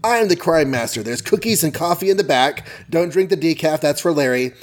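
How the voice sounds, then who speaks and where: A man's voice: a little high, expressive, a little fast, voice pushed up, natural voice. A man voicing a smug male crime boss in a comic recap, with breezy, host-like patter.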